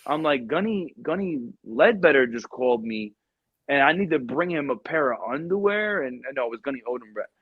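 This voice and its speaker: A man telling a story in casual podcast chat, acting out shouted lines from the people in it. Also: medium pitch, moderate pace, no echo, phone-quality sound. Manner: animated storyteller, acts out shouted quotes. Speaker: podcast guest, Marine veteran.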